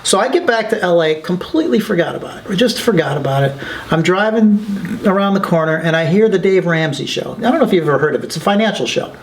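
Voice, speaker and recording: Guy with a higher voice telling war stories in an interview, excited, keeps doing little voices for people. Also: fast talker, slight background noise. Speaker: documentary filmmaker guest. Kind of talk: animated interview storytelling.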